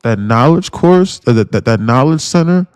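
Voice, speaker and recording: A man's voice: mid-range voice, expressive, normal speed, a little mellow, smooth, dry recording. A man livestreaming his day trading, ranting bluntly with lots of swearing and mocking his viewers. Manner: blunt, swearing, mocks viewers in put-on voices. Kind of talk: profane ranting livestream talk.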